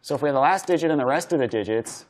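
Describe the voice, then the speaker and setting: A man's voice: a little high, expressive, rapid-fire. A man giving a university programming lecture, thinking aloud as he codes, casual and chatty with frequent fillers and restarts. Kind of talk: live-coding lecture.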